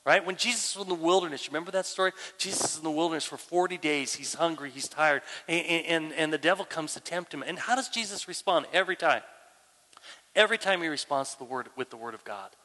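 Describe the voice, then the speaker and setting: A man preaching a sermon as pastor, emphatic and animated, repeating phrases and dropping to a hushed prayer voice at times. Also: on the high side, fast. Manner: drops to a hushed, near-whispered prayer voice at times. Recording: long reverb of a large hall.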